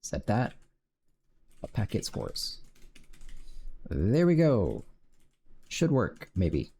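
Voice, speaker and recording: A man's voice: fairly low pitch, wildly swooping pitch, very slow, warm tone, breathy edge. A man streaming his game development, muttering to himself while coding and cursing when things break. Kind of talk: casual live-coding commentary.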